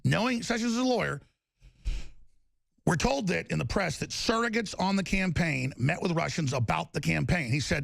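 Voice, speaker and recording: Gravelly, ranting male radio host. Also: a little high, lively intonation, moderate pace, no echo. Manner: heated, emphatic ranting with repetition. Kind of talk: talk radio commentary.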